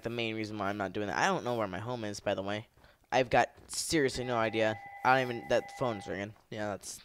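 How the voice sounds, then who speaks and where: A man giving casual gameplay commentary, excitable, shouting at the game, laughing often and rambling to himself in between. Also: medium pitch. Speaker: gamer.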